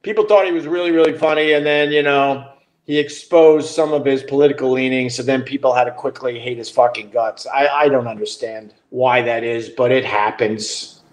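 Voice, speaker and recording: A man's voice: medium pitch, fairly even intonation, normal speed. A middle-aged man hosting a podcast, telling a story in a loose, profane way. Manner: loose and profane, with frequent restarts and laughter. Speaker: podcast host. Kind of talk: casual storytelling.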